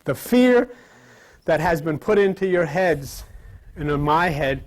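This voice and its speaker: Animated man giving an informal sermon. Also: a little high, measured pace. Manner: lively, conversational, acts out quoted voices. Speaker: spiritual teacher. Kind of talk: informal sermon to a live audience. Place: room with live audience.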